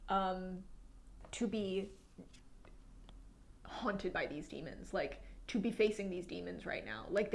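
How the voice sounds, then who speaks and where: Musing tarot reader, soft near-whispers. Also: female voice, mid-range voice, vocal fry. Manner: many fillers and restarts. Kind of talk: monthly tarot reading.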